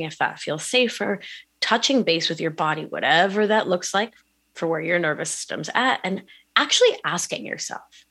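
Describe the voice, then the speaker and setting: A woman guest on a podcast, talking in an animated way about mindfulness and often asking "right?". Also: on the low side. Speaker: podcast guest, wellness coach. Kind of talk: conversational interview.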